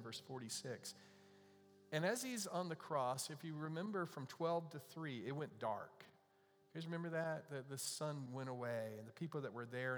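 A man leading a church service as pastor, praying and preaching in an earnest way that climbs to animated emphasis. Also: on the high side. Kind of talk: sermon with prayer. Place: church sanctuary. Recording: reverberant hall with faint music.

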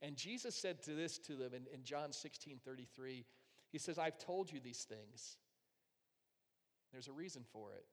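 A man preaching a sermon, telling a personal story and swinging between loud, emphatic passages and hushed, quiet ones. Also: medium pitch, expressive, moderate pace. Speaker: pastor. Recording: long hall reverb.

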